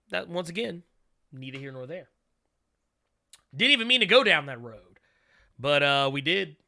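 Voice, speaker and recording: A man hosting a live-stream, talking in casual, animated commentary with frequent laughs and restarts. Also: a little high, gravelly. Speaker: host.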